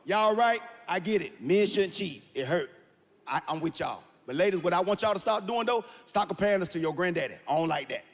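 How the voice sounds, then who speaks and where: A man doing stand-up comedy, loud and animated, often shouting his punchlines. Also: high voice, a little fast. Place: large live venue with audience. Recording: reverberant hall, faint ambience.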